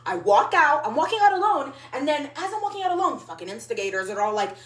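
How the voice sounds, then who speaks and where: Woman, mid-twenties, casual storytime, rambling, filler-heavy, higher voice, very lively pitch. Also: fast talker, hardly any pauses.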